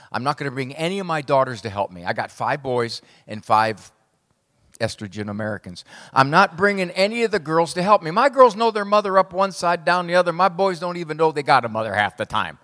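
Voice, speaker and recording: A middle-aged man, a psychologist, giving a humorous speech to a live audience with wry, punchy, deadpan jokes. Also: a little high. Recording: long hall reverb.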